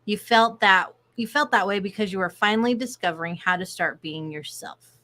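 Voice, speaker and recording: A woman co-hosting a recovery livestream, reading self-help points in a steady, cheerful way. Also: mid-range voice, moderate pace. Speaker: recovery group co-host.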